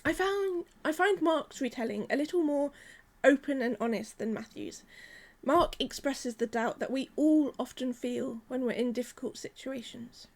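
High-voiced woman preaching a gentle sermon. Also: moderate pace, few pauses.

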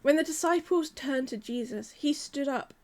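A woman, preaching a sermon in a gentle, measured, earnest way. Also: high voice.

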